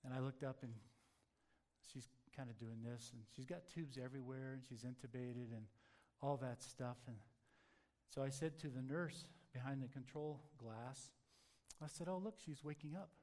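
A man telling a personal testimony in an earnest, halting way, dropping soft and low at times. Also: steady tone. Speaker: testimony speaker.

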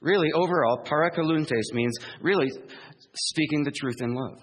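A male pastor preaching an earnest sermon. He swings between emphatic peaks and hushed asides, and slows down to spell out key words. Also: a little high, breathy edge, big-room sound.

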